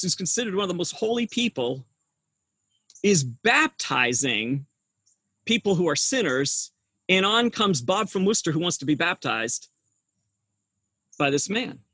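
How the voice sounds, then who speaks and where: A man's voice: high voice, fairly bright tone, breathy edge, no room sound. A middle-aged male pastor preaching a sermon, telling the story with humor and asking his listeners frequent rhetorical questions.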